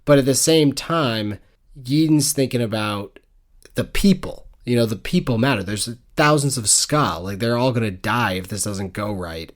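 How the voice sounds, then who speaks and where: A man co-hosting a book club podcast, chatting casually, joking and laughing often. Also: fairly low pitch. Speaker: podcast co-host.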